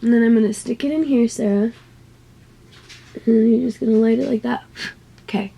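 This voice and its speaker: A woman's voice: fairly high pitch, a little fast, vocal fry, warm tone, slightly rough. A young woman vlogging to camera, nervous and swearing as she talks herself through a scary task at home. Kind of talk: casual vlog talking to camera. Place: home utility space by a water heater.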